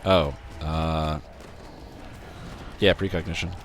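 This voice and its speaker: A man with a sore, scratchy throat giving casual, rambling commentary while he plays a game, with sudden excited outbursts. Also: extremely low pitch, takes it slowly. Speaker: game streamer.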